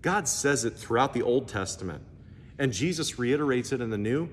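A male pastor from the United States preaches a sermon in a church hall, telling stories and acting out the dialogue with animation. His voice is medium-pitched at a moderate pace. The hall is echoey, with faint ambience and slight background noise.

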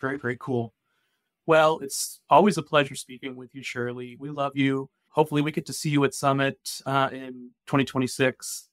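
A man's voice: medium pitch, flat delivery, normal speed, no echo, clean studio sound. Friendly man hosting a podcast. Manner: friendly, chatty interviewer with restarts. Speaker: podcast host. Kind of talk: podcast interview.

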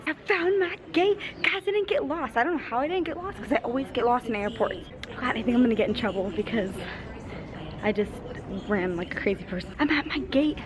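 A woman vlogging casually to camera, bubbly and excitable, often gasping and giggling as she talks. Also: high voice, a little fast, a crowd in the background. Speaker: vlogger and streamer. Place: home room, then an airport terminal. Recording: noisy handheld vlog audio.

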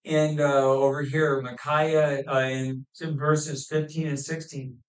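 A man preaching a sermon on a scripture passage, pausing often with fillers and restarts. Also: on the high side, little pitch movement. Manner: halting, with many fillers and restarts. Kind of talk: expository sermon. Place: church hall. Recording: echoey room, mic at a distance.

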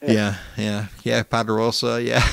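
A man's voice: mid-range voice, vocal fry, fairly bright tone. A man in his fifties from Michigan, a host who rambles through stories and laughs easily in casual chat.

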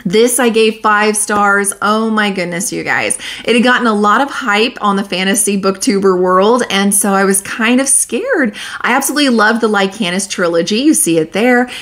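Brief: young adult woman, book vlogger, candid and chatty, mid pitch, laughs easily. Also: moderate pace, hardly any pauses, fairly bright tone. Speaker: book reviewer. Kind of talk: casual monthly reading wrap-up.

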